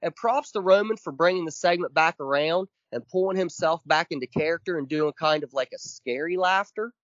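Podcast co-host, man, high-ish voice, emphatic profane rant, dull dry lo-fi sound. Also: a little fast, a bit bright, no room sound. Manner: emphatic, profane, counts off points.

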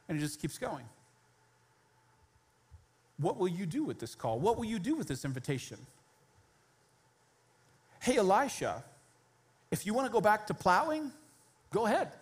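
A man in his thirties preaching a sermon as pastor, telling a biblical story in an animated way and acting out its characters. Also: high voice, moderate pace, pauses often, husky.

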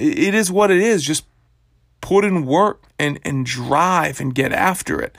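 A man's voice: fairly high pitch, creaky, a bit bright, dry recording, clean studio sound. A young man hosting his own podcast, talking casually and bluntly in a rambling motivational monologue that is full of swearing. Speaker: podcast host.

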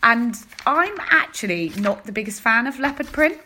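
A woman's voice: fairly high pitch, a little hiss or hum. Chatty woman on the show. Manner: chatty, animated, quick asides with laughs. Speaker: host of a chat show segment. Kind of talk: casual chat about baking and fashion.

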